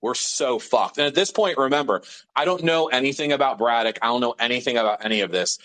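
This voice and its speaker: A man's voice: mid-range voice, fast, low-quality recording. A man from Pittsburgh, an interview guest, telling a story casually with a lot of swearing and filler words. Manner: profane, animated storytelling with many fillers.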